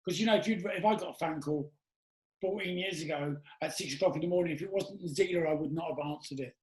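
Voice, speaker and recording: A man's voice: a little high, fast talker, echoey room, low-quality recording. A man hosting a casual interview, talking earnestly and with emphasis. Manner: earnest, emphatic, often asks "do you get what I'm saying". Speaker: podcast host.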